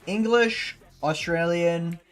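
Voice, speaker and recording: A man's voice: a little high, slow, soft background music. Casual swearing male streamer. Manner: rambling, swears freely, lots of fillers like "you know". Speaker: livestreamer. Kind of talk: casual stream chat while gaming.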